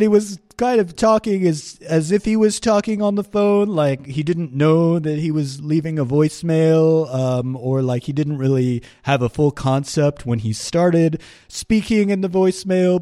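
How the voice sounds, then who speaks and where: A man's voice: a little high, a little mellow, lightly acted. A man playing a chuckling, rambling old Santa Claus hosting a comedy radio show, laughing at his own jokes. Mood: amused. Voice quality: chuckling, rambling, self-mocking. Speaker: radio host. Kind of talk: comedic radio character bit.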